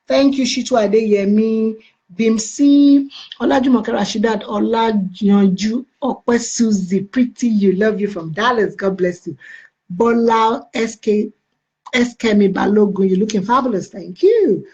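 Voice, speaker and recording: A woman's voice: medium pitch, warm tone, dull audio. Chatty Nigerian woman reading comments live. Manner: chatty, playful, answers comments by name with blessings. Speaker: live-stream host reading viewer comments. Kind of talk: casual live-stream chat. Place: United Kingdom.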